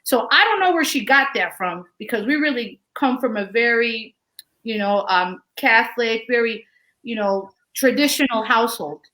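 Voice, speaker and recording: A woman in her forties speaks on a video call with a bright, forceful, fairly high voice. She tells her story in an earnest, passionate way, as a guest on a town hall panel. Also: lively intonation, moderate pace. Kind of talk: casual panel talk.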